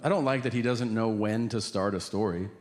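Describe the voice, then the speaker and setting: Speaking briskly in a fairly low voice, this middle-aged comedian works a live crowd at a comedy club, voicing both sides of each exchange as he spins his lively tales. Audience noise fills the live hall recording.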